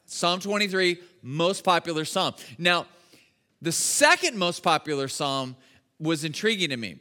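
A male pastor preaches in a loose, chatty way, full of restarts and fillers. His voice sits high and has a bright edge. He tells stories to his church. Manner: animated storytelling with many fillers and restarts. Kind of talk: casual conversational sermon. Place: church service.

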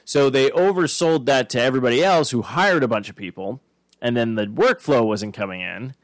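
A man's voice: medium pitch, a little fast, dry recording. A man in his thirties from Arizona, co-hosting a podcast with loose, profane storytelling. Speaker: podcast co-host. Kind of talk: casual chat.

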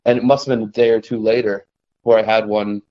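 Young man, trapper, low voice, rambling, self-interrupting, chuckling storyteller, muffled lo-fi audio. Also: flat delivery, quick pace, warm tone. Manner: rambling, self-interrupting, laughs at own stories. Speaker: guest, trapper. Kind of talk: casual storytelling in conversation.

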